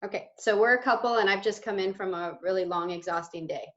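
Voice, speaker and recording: A woman's voice: medium pitch, fast talker. A woman instructor acting out everyday role-play scenes for a safety demonstration. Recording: echoey, dull video call audio.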